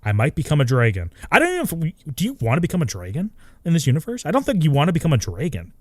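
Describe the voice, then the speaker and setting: A man co-hosting a casual podcast, joking around and breaking into quick impressions. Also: on the high side, dry recording. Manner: animated, jokey, does quick voice impressions. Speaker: podcast co-host.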